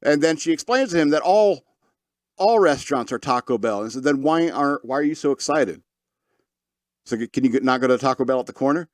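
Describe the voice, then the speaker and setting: A man's voice: medium pitch, lively intonation, fairly quick, no echo. A man hosting a podcast, talking casually and rambling through his opinions with frequent restarts and chuckles. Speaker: podcast host.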